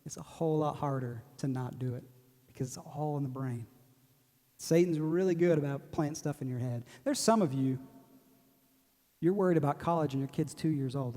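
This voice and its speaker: A man's voice: a little high, animated, fairly quick, a little mellow. A man, preaching a sermon in a joking, self-deprecating way and laughing often. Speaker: pastor. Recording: long hall reverb.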